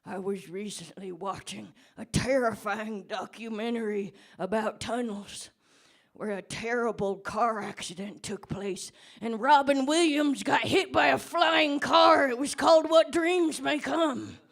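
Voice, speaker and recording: A comedian playing a senile, fearful old man who rambles slowly about tunnels with sudden shouts, in a pub comedy debate. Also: mid-range voice, creaky. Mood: rambling. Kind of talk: stand-up character debate. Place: pub stage before a live audience.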